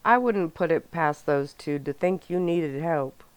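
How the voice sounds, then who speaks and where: A woman voicing a calm, protective young werewolf man in a soft-spoken ASMR audiobook reading. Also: low-pitched, measured pace, smooth, no echo. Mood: gentle. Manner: calm, caring, quietly serious.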